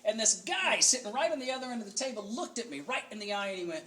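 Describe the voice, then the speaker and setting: A man's voice: high voice, lively intonation, fast talker, heavy background noise. A man giving a humorous keynote speech at a banquet, telling folksy stories and joking at his own expense. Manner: folksy, joking, self-deprecating. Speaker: keynote speaker. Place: banquet hall with audience. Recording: roomy hall, far from mic, audible audience. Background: audience laughter.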